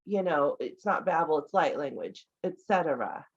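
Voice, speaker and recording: A woman's voice: sits low, expressive, normal speed. A woman hosting a casual podcast interview, rambling with many fillers and restarts. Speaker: podcast host. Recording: slightly dull lo-fi audio.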